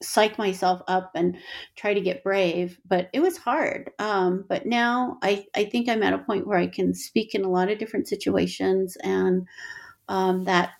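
A woman's voice: medium pitch, steady tone, unhurried, gravelly. Middle-aged woman artist chatting about her early years, laughs a lot, restarts sentences. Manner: reflective, laughs often, many restarts. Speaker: artist and teacher, interview guest. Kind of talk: conversational interview.

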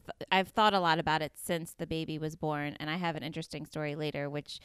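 A woman's voice: sits low, little pitch movement, quick pace, smooth, no echo. A woman in her thirties, a guest in an interview, telling a personal story earnestly and with feeling, with many fillers and quoted dialogue.

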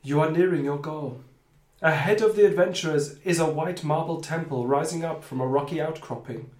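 A man's voice: on the high side, moderate pace, a little mellow. A man running a tabletop adventure as game master, reading the scenes aloud between sweary asides. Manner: reads narration, then breaks off for sweary asides. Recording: echoey room.

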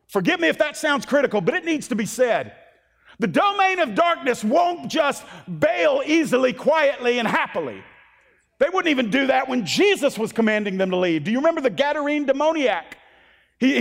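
A man with a very high, lively voice preaches with fervor, pressing each point hard and breaking into shouts. His sermon rings out with a long reverb, as in a church hall. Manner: impassioned, emphatic, rising to shouts. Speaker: pastor.

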